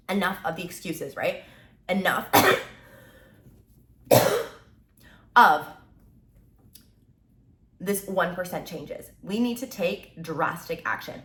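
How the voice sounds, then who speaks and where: A woman in her twenties giving an energetic, tough-love motivational talk as a content creator. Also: lowish voice, takes it slowly, long pauses, reverberant. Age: 20s.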